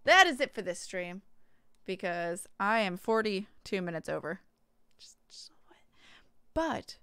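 A woman game streamer, bubbly and chatty, wrapping up her stream with quick thank-yous. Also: medium pitch, a bit bright, clean tone, no room sound, clean studio sound. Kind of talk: let's play commentary and stream outro.

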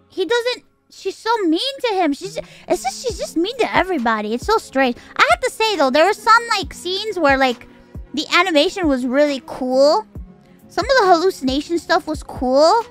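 A woman's voice: very high voice, lively intonation, normal speed, soft background music. A woman streamer in a casual livestream rant, exasperated and swearing, firing off incredulous rhetorical questions.

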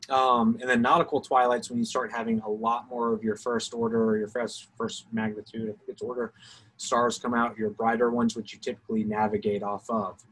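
A man's voice: medium pitch, flat delivery, normal speed, fairly bright tone, husky, rough recording. A man from Alabama with a Southern accent, a Coast Guard expert answering questions on a video call in a loose, step-by-step way, often hedging his answers. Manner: explanatory, self-hedging, talks through steps. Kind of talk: informal technical Q&A talk.

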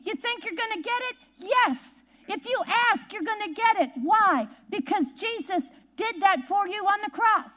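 A woman's voice: very high voice, sharp tone. A woman. She leans on homey stories and hammers key words again and again. Her delivery stays emphatic from start to finish. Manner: emphatic, folksy storytelling, repeats key words. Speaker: preacher. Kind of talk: sermon. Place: church service.

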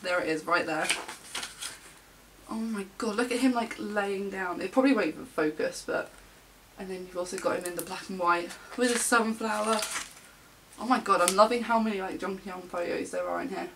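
A young woman vlogger gushing and gasping with excitement as she unboxes albums on camera. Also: medium pitch, moderate pace, distant mic, noisy background.

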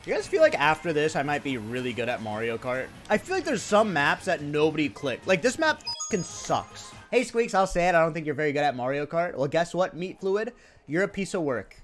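A young man from India, streaming and chatting casually with his viewers in an excitable, joking, swear-heavy way. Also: on the high side, brisk, faint music behind. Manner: animated, excitable, swears, jokes with chat. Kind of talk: casual livestream chat.

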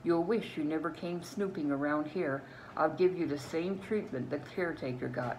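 A gruff, menacing male thief ringleader who growls his orders and sneers his threats, as a woman with a Newfoundland accent reads him. The voice stays low and heavy, with a faint hiss of noise underneath. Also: moderate pace, a little mellow, close to an everyday voice, rough recording. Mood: sneering threat.

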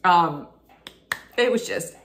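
A woman's voice: fairly low pitch, expressive, slow, fairly bright tone, a little hiss or hum. A woman filming a casual unboxing vlog, gushing and sentimental, rambling with restarts while she gets teary. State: tearful. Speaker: vlogger.

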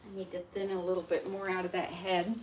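A woman's voice: fairly low pitch, monotone, a little fast. A woman dog groomer talking casually as she works, chatting and slipping into baby talk with the dog. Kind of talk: casual narration while working. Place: grooming salon. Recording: echoey salon, mic far off, faint noise.

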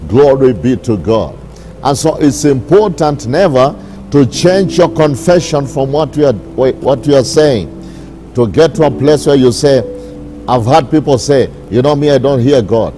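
A bishop preaching a sermon, repeating his declarations slowly and with emphasis. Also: mid-range voice, expressive, dark tone, slight background noise. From Kenya.

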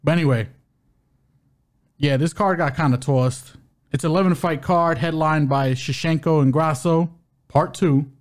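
A man's voice: on the high side, unhurried. A man co-hosting a podcast, previewing fights in a loose, joking way and stumbling over names. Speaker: co-host of a fight-betting podcast.

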